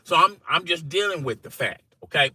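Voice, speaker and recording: A man telling a funny workplace story to camera in an animated, conversational way, often checking in with "okay?" and "you know". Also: a little high, brisk, husky, dry recording, low-quality recording. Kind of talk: casual story told to camera.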